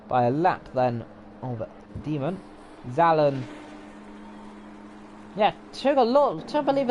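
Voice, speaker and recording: Chatty man calling a sim race. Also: high-pitched. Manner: chatty, often unsure, corrects himself mid-call. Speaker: race commentator. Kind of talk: live sim racing commentary. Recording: game engine noise loud behind voice. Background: racing game car engines.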